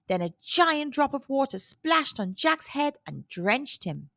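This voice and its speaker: A woman reads a children's storybook aloud, slow and expressive. Her voice is fairly high and moves a lot in pitch. The recording is close and dry. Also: creaky, dry recording.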